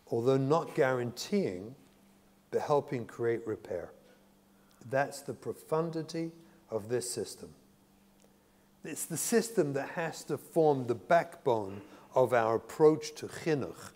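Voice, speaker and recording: In a hall with long reverb, a man who is a psychotherapist and speaker addresses a religious audience in an earnest, emphatic lecture. He repeats important phrases for weight, using a medium-pitched, slightly mellow voice.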